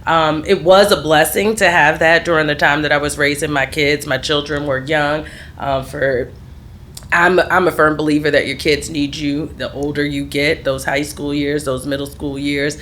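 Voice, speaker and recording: A woman's voice: low-pitched, little pitch movement, moderate pace, a bit bright, slight background noise. A middle-aged woman, a podcast guest, telling her life story in candid conversation and laughing easily. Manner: laughs readily, trails off and restarts.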